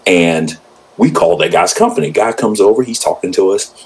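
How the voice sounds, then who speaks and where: A middle-aged man co-hosts a casual podcast, telling stories in a fairly quick, profane rant. His pitch jumps high whenever he quotes other people, and the rough recording carries faint background noise.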